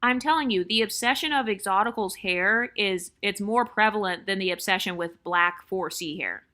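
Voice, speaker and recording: A woman with a bright, sharp-edged voice talks straight to camera in an opinionated commentary vlog. Her speaking pitch sits in the middle range for a woman. She is blunt and emphatic, and she circles back to repeat her points so they land. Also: moderate pace. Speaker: vlogger.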